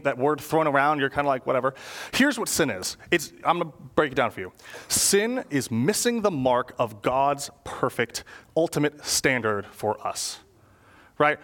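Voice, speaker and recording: A young adult man preaching a sermon in church, casual and animated, using slang and frequent rhetorical questions. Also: fairly high pitch, moderate pace. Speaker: pastor.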